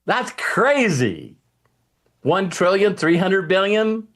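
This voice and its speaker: Male host with a slightly high voice, rambling and animated casual motivational talk. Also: takes it slowly. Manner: rambling, animated, often acts out quoted people.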